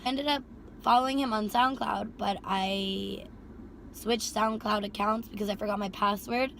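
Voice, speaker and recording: A young woman casually telling a storytime about her driving job, animated, swearing freely and filling with "like". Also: mid-range voice, measured pace, a little hiss or hum. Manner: animated, heavy swearing and filler "like". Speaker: rideshare driver and vlogger.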